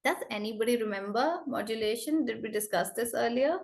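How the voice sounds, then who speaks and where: A young woman teacher with a fairly high voice. She lectures expressively, acting out tones of voice with exaggerated examples to show her point. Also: a little fast, creaky. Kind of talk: online class lecture.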